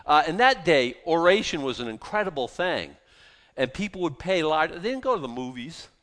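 A man's voice: on the high side, big pitch swings, moderate pace, a bit bright. A man preaching a casual, conversational Bible sermon, folksy and self-deprecating, often restarting his sentences. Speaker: pastor.

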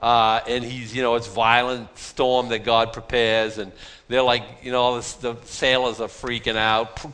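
A man's voice: mid-range voice, flat delivery, moderate pace, fairly bright tone, clear, resonant tone. A man preaching a sermon in a folksy, self-deprecating way, full of rhetorical questions.

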